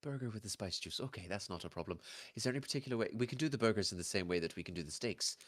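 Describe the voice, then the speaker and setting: A man voicing a brisk, chatty female waitress who explains everything politely and at length. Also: on the low side, expressive, fairly bright tone.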